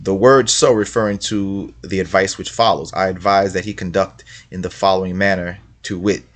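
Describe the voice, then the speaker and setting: A man's voice: low-pitched, fairly even intonation, moderate pace. A man hosting religious commentary, reading passages aloud and repeating his points with rhetorical questions in a casual way. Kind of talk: casual screen-share commentary.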